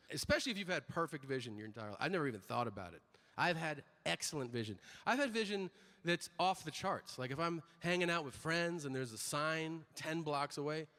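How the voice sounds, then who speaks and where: A man's voice: mid-range voice, long reverb tail, background noise. A man in his thirties doing a brash stand-up set on a comedy stage, acting out dialogue as he tells his stories. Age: 30s. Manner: brash storytelling, acts out dialogue.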